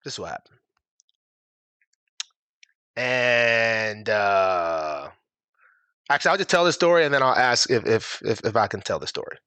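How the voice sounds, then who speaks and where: A man, a pro football player, telling stories in a casual chat, animated and laughing as he acts out conversations. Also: on the low side, measured pace, pauses often, smooth, no echo. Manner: animated, laughing, acting out dialogue.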